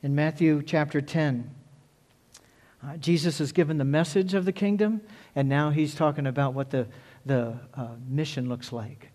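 A man's voice: fairly high pitch, moderate pace, darkish tone. A male pastor preaching a sermon earnestly, repeating key phrases for emphasis.

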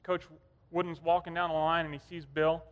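A man's voice: a little high, little pitch movement, brisk, phone-quality sound. A man preaching a sermon, telling stories in a conversational way. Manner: conversational storytelling. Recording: long hall reverb.

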